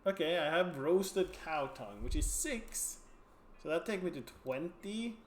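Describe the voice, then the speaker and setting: A man's voice: a little high, lively intonation, unhurried, echoey room, slight background noise. A man streaming a video game, reading its text aloud and musing over his choices in a casual way. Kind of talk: casual game narration and commentary.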